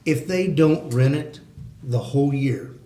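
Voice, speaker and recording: A man's voice: medium pitch, unhurried, dark tone, a little hiss or hum. Plainspoken man at a neighborhood meeting, heated in bursts, echoey room. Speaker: resident at a community meeting. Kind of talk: community meeting discussion.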